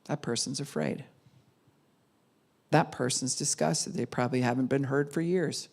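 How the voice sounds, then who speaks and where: A woman's voice: a bass voice, moderate pace, vocal fry, darkish tone. Middle-aged woman pastor, conversational teaching. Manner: conversational, acts out quoted voices. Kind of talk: sermon teaching.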